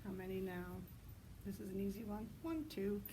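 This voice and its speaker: A woman librarian leading a children's story time outdoors, reading in an animated sing-song way and hooting loudly to get kids to join in. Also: mid-range voice, normal speed, slight background noise, low-quality recording.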